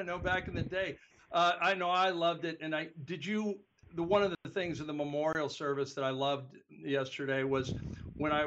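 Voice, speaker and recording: A man's voice: a little high, a bit bright, muffled recording, a little hiss or hum. A man hosting an interview, eager and heartfelt as he asks about stories. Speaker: host. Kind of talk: casual interview.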